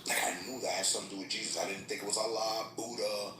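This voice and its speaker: A man's voice: on the low side, steady tone, racing, reverberant, far from the mic, noisy background. A man in his thirties telling a raw, emotional personal story in street slang on a livestream. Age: 30s. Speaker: livestream host.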